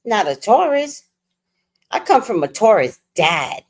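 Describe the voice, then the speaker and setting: A woman, hosting her own stream and telling a family story in a blunt, slangy, animated way. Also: mid-range voice, unhurried. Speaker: livestream host. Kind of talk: casual storytelling chat.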